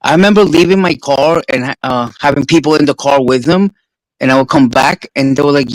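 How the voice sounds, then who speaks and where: A man's voice: mid-range voice, brisk, no room sound, rough recording. A man with a New York accent, a streamer swapping stories in a casual, profane chat. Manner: profane, animated storyteller.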